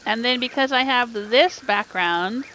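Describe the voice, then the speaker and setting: A woman's voice: fairly high pitch, measured pace, fairly bright tone, a little hiss or hum, low-quality recording. A middle-aged woman casually streaming a story game, reading the dialogue aloud and chatting about her choices as she goes. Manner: chatty, thinks aloud while choosing dialogue. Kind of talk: casual let's play commentary with read-aloud dialogue.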